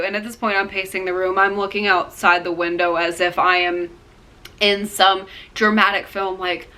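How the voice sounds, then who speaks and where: A woman's voice: medium pitch, little pitch movement, normal speed, bright, forceful tone. A young woman vlogger telling a personal story to camera in a rambling, heartfelt way, full of fillers and acted-out quotes.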